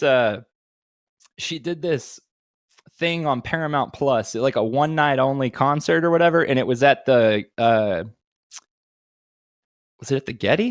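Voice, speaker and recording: A man's voice: medium pitch, dry recording, studio quality. A man co-hosting a podcast, talking casually in a rambling, profane, storytelling way. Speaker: podcast co-host. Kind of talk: casual chat.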